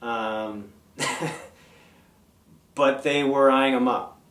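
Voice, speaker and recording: A man's voice: medium pitch, fairly even intonation, extremely slow, fairly bright tone, recorded from a distance. A man in his fifties, a guest in an interview, telling loose, rambling stories and listing old band names. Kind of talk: casual storytelling. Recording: roomy, away from the mic.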